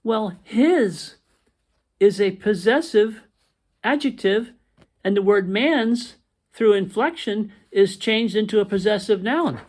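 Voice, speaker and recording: A man teaching grammar over slides, stressing points and checking in with "okay?", reading sample sentences slowly. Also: high voice, animated. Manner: emphatic, repeats "okay?" to check understanding.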